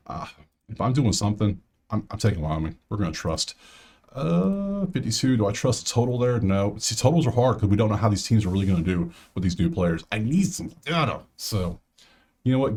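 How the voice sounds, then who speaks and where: A man's voice: lowish voice, lively intonation, brisk, darkish tone. A man hosting a sports betting show, thinking aloud in a casual solo commentary full of fillers and restarts.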